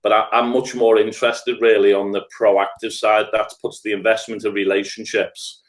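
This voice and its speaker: A man's voice: on the low side, level tone, normal speed. A middle-aged man with a Scouse accent, speaking earnestly and thoughtfully as a podcast guest. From Liverpool, England. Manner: earnest, thoughtful, builds points in lists. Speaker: guest, restorative practice trainer. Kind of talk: reflective podcast conversation.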